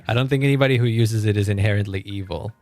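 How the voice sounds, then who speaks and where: A man's voice: fairly low pitch, quick pace, darkish tone, faint music behind. A man streaming a game and chatting casually with his viewers. He rambles, restarts his sentences and laughs often. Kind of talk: casual live-stream chat.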